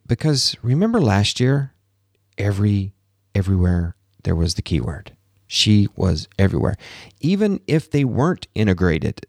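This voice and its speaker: A low-pitched man with a gravelly, fry-laden voice, talking casually as a podcast host. He tells his stories with animation and acts out the other people in them. The sound is dry and close. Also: no echo. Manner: animated storytelling, acts out quotes, laughs at himself. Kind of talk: casual monologue. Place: home office.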